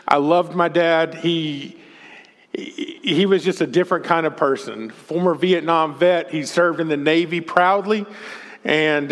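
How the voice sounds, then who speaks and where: A man from Texas with a Southern accent, preaching a folksy, chatty sermon as a guest speaker. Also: sits high. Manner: folksy and chatty, laughs often. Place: church sanctuary. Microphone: stage microphone. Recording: long hall reverb.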